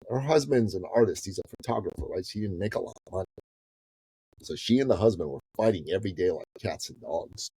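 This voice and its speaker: A man in his fifties from the Middle East, a business coach telling a story as a podcast guest in a casual, animated way that swings between loud and hushed. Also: low-pitched, fast talker, slightly rough, dry recording, low-quality recording. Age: 50s.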